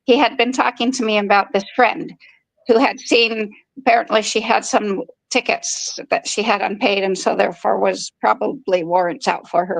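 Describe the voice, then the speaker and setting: A woman in her fifties, a podcast host, tells a personal story frankly and conversationally, acting out quoted dialogue. Her mid-range voice has vocal fry, and the low-quality recording has no room sound.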